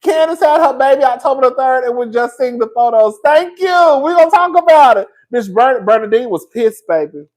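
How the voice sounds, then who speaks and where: A man's voice: very high voice, animated, fairly quick, few pauses, darkish tone, rough recording. A man giving casual celebrity gossip commentary, sassy and profane, laughing often and calling his listeners "girl". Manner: sassy, profane, chatty, calls the audience "girl"; laughs often between lines.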